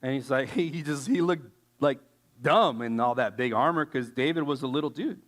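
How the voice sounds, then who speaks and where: A man giving a casual sermon, telling stories in an animated, slangy way with lots of fillers. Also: medium pitch, normal speed. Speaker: youth speaker.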